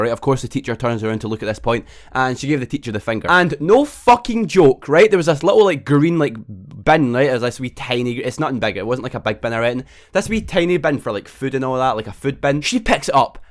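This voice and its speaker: A young man telling a storytime vlog, swearing a lot and tacking "right?" onto nearly every line. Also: on the high side. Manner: fast, sweary, constant tag "right?". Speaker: vlogger.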